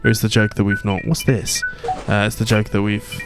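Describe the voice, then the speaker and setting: A man's voice: fairly low pitch, level tone, fairly quick. A man giving casual gameplay commentary as a let's play host, thinking aloud over game music. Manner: casual, muttering to himself.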